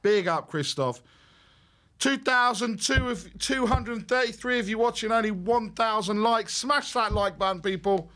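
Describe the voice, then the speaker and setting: A man hosts a live football watch-along stream in an excitable, exclaiming way. His voice sits a little high. He jumps between reacting to the match and reading out viewer messages. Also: unhurried.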